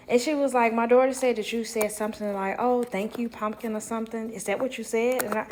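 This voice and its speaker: A woman telling a casual storytime, animated, quoting people in lively voices and laughing often. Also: on the high side, a little slow, long pauses, a little hiss or hum. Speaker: storyteller vlogger.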